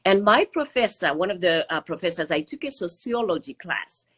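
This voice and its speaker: A Zimbabwean woman in her fifties, a psychotherapist, telling her story as an interview guest over a video call, animated and full of "you know" fillers. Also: fairly low pitch, normal speed, breathy edge.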